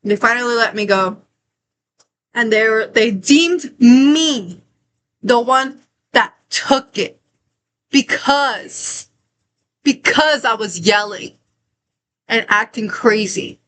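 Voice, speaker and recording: A woman's voice: on the high side, slow pace, long pauses, a bit bright, poor audio. A young adult woman telling a storytime vlog in a heated, profane rant, repeating herself as she gets worked up. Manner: heated, profane, repetitive ranting. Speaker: vlogger.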